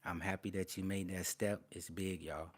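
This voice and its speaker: A man's voice: deep voice, moderate pace, slightly rough, dry recording. Laid-back man chatting on a livestream. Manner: laid-back, animated, slangy, talks to chat as "y'all". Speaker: livestream host. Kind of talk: casual livestream chat.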